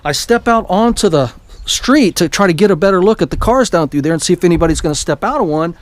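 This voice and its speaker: A man's voice: high-pitched, lively intonation, quick pace, a little hiss or hum. A man vlogging, eagerly retelling a personal story to camera in a rambling way, with the odd swear.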